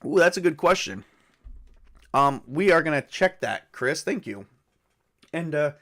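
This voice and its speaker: A man narrating a solo tabletop game, rolling dice and thinking aloud in a halting way with many fillers. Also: on the high side, expressive, fairly bright tone. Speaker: game master.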